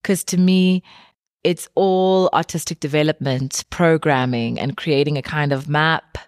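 A woman from South Africa, a guest artist, answering interview questions in a thoughtful, measured way with pauses. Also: deep voice, darkish tone, dry recording, studio quality.

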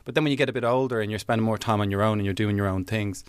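A man's voice: on the low side, steady tone, racing, smooth, no echo, clean studio sound. A young man, a comedian, chatting in an interview, laughing often and acting out little quotes. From Ireland. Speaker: comedian guest. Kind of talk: casual interview chat.

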